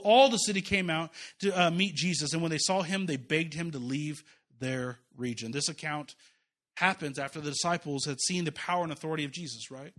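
Pastor, man, high voice, animated conversational sermon with asides. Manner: animated, conversational preaching with quick asides and repeated restarts. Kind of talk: sermon with scripture reading.

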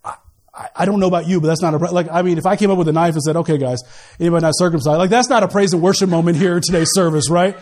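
Man, pastor, high voice, animated sermon, jokey asides, loud then hushed. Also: very fast, slight background noise. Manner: animated preaching with asides and laughter, swinging from loud to quiet.

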